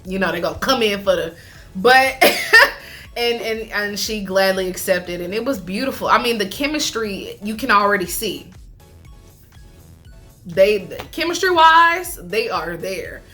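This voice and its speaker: Woman, casual vlog recap, chatty, animated, laughs a lot, bright sharp tone. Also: medium pitch, measured pace, soft background music. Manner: chatty and animated, laughs often, many fillers. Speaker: YouTuber recapping a reality show.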